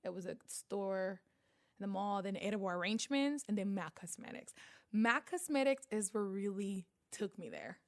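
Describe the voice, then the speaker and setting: Lively woman with a Spanish accent. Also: mid-range voice, normal speed. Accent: Panamanian Spanish. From Panama. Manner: animated storyteller, acts out quoted voices. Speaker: guest, beauty vlogger. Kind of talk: casual interview.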